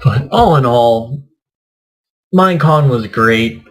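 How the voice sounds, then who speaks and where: A man's voice: medium pitch, lively intonation, takes it slowly, low-quality recording. A man who hosts a gaming channel, telling a rambling convention story in casual chat and acting out what others said. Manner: rambling storyteller, acts out quotes. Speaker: gaming YouTuber.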